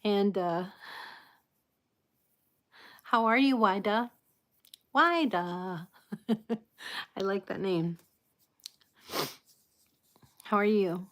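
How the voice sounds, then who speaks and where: A woman hosting a casual live chat with her viewers, soft-spoken and apologetic, greeting people and laughing often. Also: medium pitch, very slow, pauses often. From United States. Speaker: livestream host.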